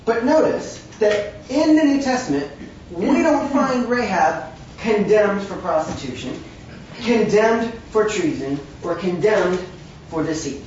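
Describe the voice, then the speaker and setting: Animated yet measured in pace, a preacher with a darkish mid-range voice gives an emphatic, conversational sermon with wry asides. A little hiss or hum is present, and the distant recording in a large room sounds very echoey and dull.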